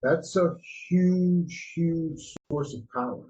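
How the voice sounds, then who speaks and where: A man co-hosting a podcast, giving relaxed, mentoring advice in a casual chat. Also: a little high, slow pace, muffled recording. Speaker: podcast co-host.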